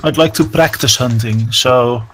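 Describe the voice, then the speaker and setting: A man player in a tabletop game over an online voice call, eager and excitable, tripping over his words. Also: medium pitch, measured pace. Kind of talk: tabletop role-play over voice chat. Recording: noisy voice-chat line.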